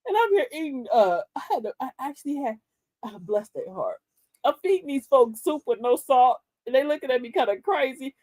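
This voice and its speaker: An older woman with a husky, slightly breathy voice that swings high and low as she tells her stories. She laughs often and slows right down to stress each word of an affirmation. The sound is close and dry, with no room around it. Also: dry recording. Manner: animated storyteller, laughs often; slow, emphatic reading of affirmations. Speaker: livestream host. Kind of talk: casual motivational livestream talk.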